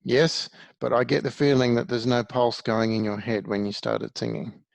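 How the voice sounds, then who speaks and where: Gravelly male music teacher, patient. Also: medium pitch, level tone, moderate pace, no echo. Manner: patient, explains step by step. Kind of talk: one-to-one music lesson.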